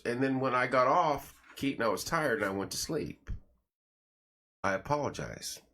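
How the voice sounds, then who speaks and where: Folksy man with a lively up-and-down voice. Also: medium pitch. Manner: folksy, joking, greets viewers by name. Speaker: host of a morning live stream. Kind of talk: casual live-stream chat reading viewer comments and sponsor plugs. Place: small home studio room.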